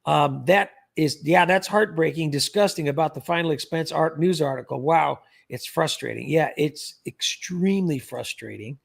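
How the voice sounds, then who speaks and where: A man's voice: on the high side, normal speed, hardly any pauses. A man hosting a casual livestream, reading viewer comments aloud and chatting about scam calls. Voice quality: gravelly, husky. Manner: chatty, reads comments aloud, laughs often. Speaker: livestream host, scam baiter.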